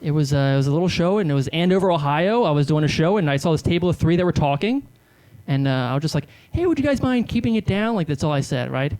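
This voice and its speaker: A man's voice: on the high side, quick pace, a little mellow. A man in his thirties doing stand-up comedy, telling self-deprecating stories in a rambling way full of fillers. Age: 30s.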